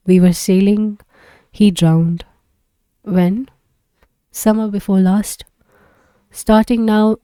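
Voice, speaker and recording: A woman reading a novel aloud in a plain, unhurried way, now and then correcting herself. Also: medium pitch, mellow, dry recording. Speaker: audiobook reader.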